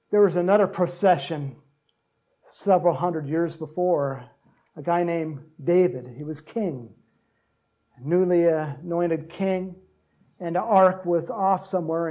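High-voiced man preaching with playful asides. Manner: lively, acts out cheering crowds in loud shouts; joking asides to the congregation. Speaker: pastor. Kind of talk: sermon.

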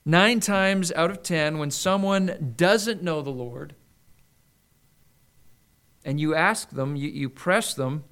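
A middle-aged man preaching a sermon in an earnest way, slowing down for emphasis. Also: on the high side, fairly bright tone. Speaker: pastor.

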